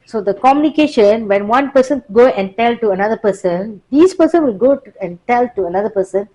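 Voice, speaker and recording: A woman teaching a workplace class, lively but slowing for deliberate emphasis. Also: fairly high pitch, low-quality recording. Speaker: workplace trainer. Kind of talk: classroom lecture.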